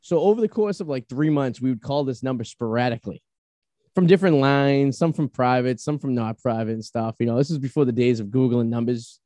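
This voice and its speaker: A man in his thirties hosts a laid-back podcast, his voice warm and dark in tone. He tells loose, meandering stories and swears without a second thought. The recording is close and dry, with no room sound. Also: medium pitch, fairly quick, dry recording. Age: 30s. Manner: rambling storyteller, swears freely. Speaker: podcast host. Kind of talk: casual chat.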